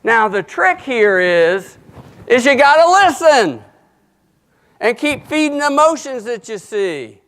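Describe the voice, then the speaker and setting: A man's voice: very high-pitched, big pitch swings, slow pace, fairly bright tone. A middle-aged man speaking at a conference, folksy and joking, acting out short dialogues as he talks. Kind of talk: motivational talk to an audience. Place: conference hall.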